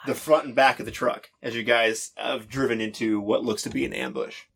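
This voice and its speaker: A man running a tabletop role-playing game as game master, narrating in a halting, laughing way and briefly acting out side characters. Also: mid-range voice, steady tone, gravelly, a bit bright. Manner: halting, laughing, acts out soldiers' lines.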